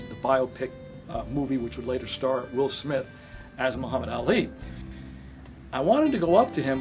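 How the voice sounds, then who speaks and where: A middle-aged male actor tells a personal story reflectively, at times soft and quiet. His voice is medium in pitch.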